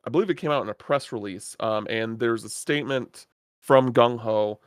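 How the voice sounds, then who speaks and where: A man co-hosting a video game podcast, talking in a relaxed, hesitant way with many "uh"s and "um"s. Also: medium pitch, moderate pace, clear, resonant tone, no room sound, clean studio sound. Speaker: podcast co-host. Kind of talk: casual chat.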